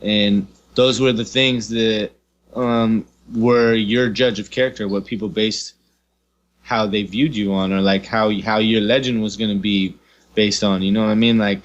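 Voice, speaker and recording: A man's voice: fairly low pitch, fairly even intonation, unhurried, muffled recording. A man co-hosting a podcast in casual chat, rambling and peppering his talk with "you know what I mean" and swearing. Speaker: podcast co-host.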